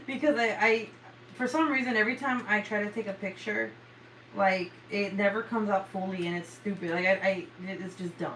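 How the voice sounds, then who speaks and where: A woman's voice: mid-range voice, fairly even intonation, normal speed, fairly bright tone, a little hiss or hum, rough recording. A woman in her thirties chatting casually at home while she works on a craft, frank and sweary, sighing and laughing often. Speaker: vlogger. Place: home, at a table.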